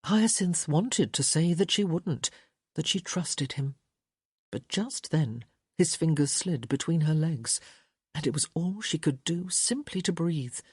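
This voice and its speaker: Slow, breathy woman narrating romance. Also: sits low, expressive, no echo, studio quality. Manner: slow, soft, intimate reading. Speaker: audiobook narrator. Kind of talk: scripted romance audiobook narration.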